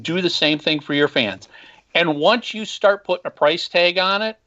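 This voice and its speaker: A man's voice: a little high, normal speed, sharp tone. Blunt, opinionated man on a muffled call-in line. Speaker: podcast host and former band marketer. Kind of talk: casual call-in interview. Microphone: phone call.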